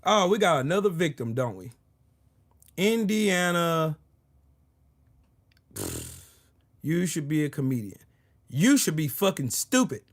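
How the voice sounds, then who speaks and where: A man's voice: on the high side, wildly swooping pitch, takes it slowly, vocal fry, long pauses. A man hosting his own political commentary video, ranting angrily and profanely, full of sarcasm and repeating short phrases for emphasis. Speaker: political commentary channel host.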